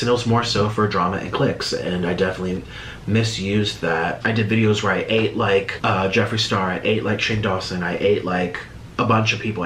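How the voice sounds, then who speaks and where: A man's voice: fairly low pitch, fairly bright tone. A man reacting to a video in casual commentary, rambling and restarting his sentences with sarcastic asides. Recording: echoey room with faint noise.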